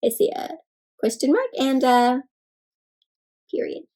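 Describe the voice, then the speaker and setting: High, bouncy children's teacher woman. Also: sing-song, a little slow, a little mellow, poor audio. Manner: encouraging, repeatedly addresses listeners as friends; bouncy sing-song teacher delivery with counted prompts. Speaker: children's read-aloud host. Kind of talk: teaching young children after a read-aloud.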